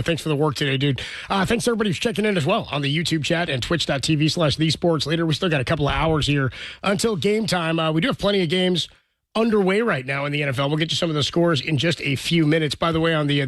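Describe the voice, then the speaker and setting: A man's voice: fairly high pitch, fairly bright tone, no echo, clean studio sound. A man hosting a sports talk show, chatting casually and joking with his co-hosts. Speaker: show host.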